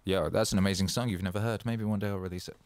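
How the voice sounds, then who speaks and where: Profane, excitable man hosting a monologue. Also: low-pitched, racing, no echo. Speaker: host. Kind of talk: casual motivational monologue.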